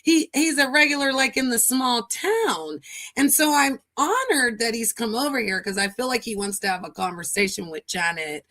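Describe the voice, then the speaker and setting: A woman hosting a live online chat, casual and animated, who keeps calling people "darling" and "girl". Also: a little high, normal speed, no room sound. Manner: animated, playful, says "darling" and "girl" often. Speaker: livestream host. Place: online live audio room.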